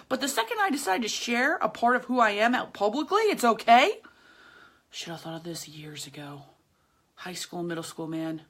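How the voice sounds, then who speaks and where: On her own podcast, a woman with a slightly high, sing-song, fairly bright voice talks at normal speed straight to the camera. Her monologue is motivational, chatty, emphatic, and loaded with slang, aimed at her viewers.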